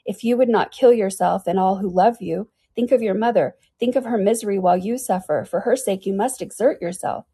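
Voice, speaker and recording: A woman reading an audiobook and voicing a calm elder sister who speaks solemnly and urges gently. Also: medium pitch, husky. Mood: urging. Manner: solemn, measured, gently urging.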